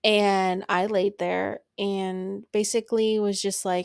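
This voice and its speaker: A young woman hosts her own podcast and talks through a personal story in a loose, unfiltered way. She is blunt and swears freely. Her voice has a gravelly fry in mid pitch, recorded dry and close. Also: level tone, takes it slowly, no room sound. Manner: blunt and profane, laughs while telling. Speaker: podcast host.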